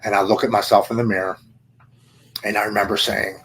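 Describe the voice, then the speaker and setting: A man in his forties, a podcast guest, giving an earnest personal testimony in halting, present-tense storytelling. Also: fairly low pitch, flat delivery, fairly bright tone, slight background noise, rough recording.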